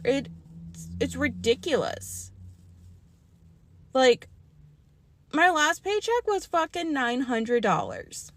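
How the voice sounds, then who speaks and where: Young woman, heated and profane, slow deliberate delivery with a lively swinging pitch. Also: dry recording. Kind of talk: angry vlog rant.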